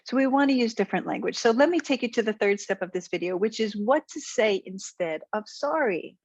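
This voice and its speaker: A woman's voice: fairly high pitch, expressive, brisk, no room sound, lo-fi sound. Assertive, encouraging woman coach, dry sound. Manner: assertive, encouraging, plainly explaining with examples. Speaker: speaker and confidence coach. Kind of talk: direct-to-camera tip video.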